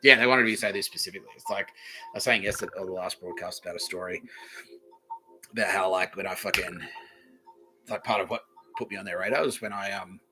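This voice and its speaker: A man's voice: deep voice, fairly even intonation, fast talker, long pauses, over music, low-quality recording. An Australian man hosting a podcast, rambling casually with plenty of swearing and chuckles. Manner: profane, meandering, chuckling. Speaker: podcast host.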